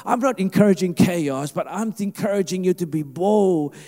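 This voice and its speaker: A male pastor preaching a sermon, animated and emphatic, with a conversational delivery. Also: high-pitched, moderate pace, in a large hall. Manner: animated, rising to emphatic preaching with mimicked asides.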